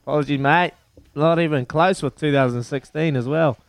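A man with a New Zealand accent hosting a breakfast radio quiz, excitable and matey, laughing often. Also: fairly high pitch, brisk, dry recording. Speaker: radio breakfast show host. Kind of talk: lively radio quiz banter.

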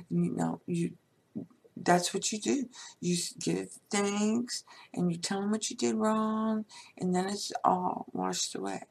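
A woman casually telling a personal story from her life to her viewers, chatty with many asides and soft laughs. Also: mid-range voice, fairly even intonation, slow, creaky.

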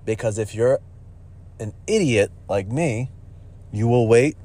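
A man's voice: mid-range voice, expressive, takes it slowly, pauses often, warm tone, slight background noise. A man hosting a podcast, talking bluntly in a casual monologue, cursing and calling listeners bro. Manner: blunt, profane, says "bro". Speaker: podcast host, gym owner.

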